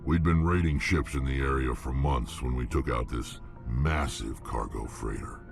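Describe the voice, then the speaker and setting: A man's voice: normal speed, over music. An actor voicing a huge, battle-hardened male alien mercenary in game dialogue, blunt and clipped. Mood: gruff. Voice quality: deep gravelly growl. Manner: blunt, clipped, terse sentences.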